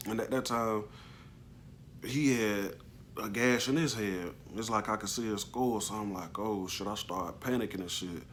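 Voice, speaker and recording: Guy with a lowish voice telling his story, loose and slangy, kinda halting and emotional. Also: fairly bright tone, a little hiss or hum. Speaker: vlogger telling a personal story. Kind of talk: casual storytelling.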